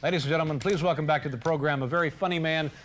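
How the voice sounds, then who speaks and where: A man hosting a late-night talk show, introducing a comedian in a brisk, announcer-like way. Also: a little high, heavy background noise. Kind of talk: introducing a guest. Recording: TV broadcast with band music and crowd.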